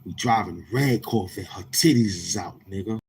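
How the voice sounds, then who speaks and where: Brash low-voiced New York man. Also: moderate pace, darkish tone, slightly rough. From Queens, New York. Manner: brash, profane, confrontational. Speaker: livestream host. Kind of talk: casual livestream chat with viewers.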